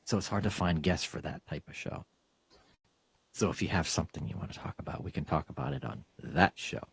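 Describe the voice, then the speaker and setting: A man's voice: rumbling low, lively intonation, a little fast, vocal fry, slightly rough, no room sound. A man hosting a casual interview, rambling with fillers and laughing often. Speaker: podcast host.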